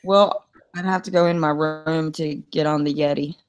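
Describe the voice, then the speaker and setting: A woman's voice: deep voice, fairly even intonation, moderate pace, smooth. A woman chatting casually on a video call through her computer mic, joking about herself and laughing often. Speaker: co-host. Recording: slightly tinny sound.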